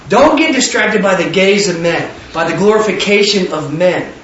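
A man preaching a sermon in an animated way, with rhetorical questions and bursts of shouting. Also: sits high, brisk, few pauses. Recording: echoey hall, distant dull mic, faint noise.

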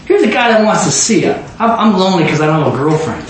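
Animated young man preaching in an echoey room. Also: a little high, fairly quick. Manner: animated, acts out voices and shouts. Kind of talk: informal storytelling sermon. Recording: very echoey room, faint noise.

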